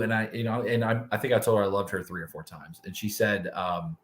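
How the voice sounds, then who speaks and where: A middle-aged man co-hosting a live talk show, telling candid, animated family stories. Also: on the low side, normal speed. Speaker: co-host. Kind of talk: casual live-show chat.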